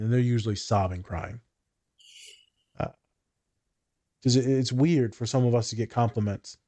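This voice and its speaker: A man's voice: medium pitch, normal speed, long pauses. A man, a therapist and podcast host, talking casually, telling stories with lots of swearing and acted-out quotes. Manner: animated, profane storytelling with quoted voices.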